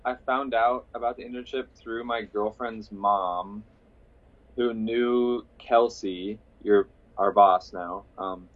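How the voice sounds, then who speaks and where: A man's voice: lowish voice, steady tone, slow, highs cut off. A man in his twenties from Iowa, a college senior talking casually as a podcast guest. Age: 20s.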